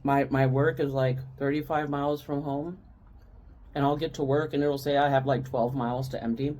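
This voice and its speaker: A woman's voice: rumbling low, fairly even intonation, normal speed, dark tone. A woman co-hosting a podcast, telling a personal story in casual chat and rambling with restarts and asides. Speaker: podcast co-host.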